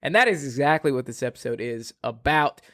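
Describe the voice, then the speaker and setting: A man's voice: medium pitch, animated, brisk, fairly bright tone. A man co-hosting a casual podcast chat, an army veteran who jokes and swears casually.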